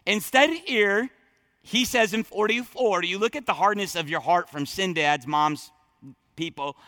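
Male pastor, high and bright, earnest, casual preaching style, dry close sound. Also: a little slow, no room sound. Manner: conversational, thinking aloud with frequent fillers and restarts. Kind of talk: sermon.

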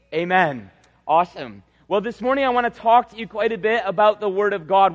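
High-pitched guy preaching, slow emphatic scripture reading, big echoey church. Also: fairly bright tone. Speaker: pastor. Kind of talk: sermon. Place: large church sanctuary. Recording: reverberant hall.

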